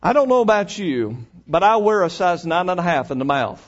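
A man preaching a sermon, folksy and emphatic, swinging between loud and hushed. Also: high voice, very animated, fairly quick, dull audio.

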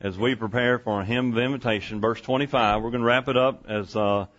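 A man's voice: mid-range voice, fairly even intonation, brisk, a bit bright. Folksy preacher man, muffled recording. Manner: folksy, conversational preaching with rhetorical questions. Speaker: pastor. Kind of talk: sermon. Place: church sanctuary.

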